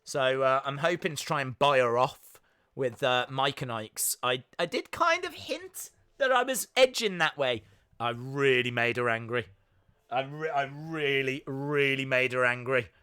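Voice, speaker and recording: A young British man chatting excitedly as he live-streams his reactions to a show. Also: medium pitch, unhurried, clean tone. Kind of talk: live watch-along commentary.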